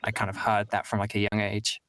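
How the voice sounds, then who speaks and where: A man's voice: fairly low pitch, monotone, fairly quick, a bit bright, no echo. A British man hosting a stream, chatting casually and rambling with lots of fillers and restarts on a streaming mic. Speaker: streamer host.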